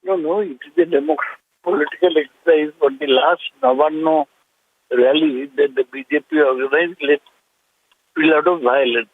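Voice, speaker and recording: A man's voice: a little high, very animated, normal speed. A man, a politician firmly rebutting over the phone in a news debate. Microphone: phone line. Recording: gravelly tinny phone line.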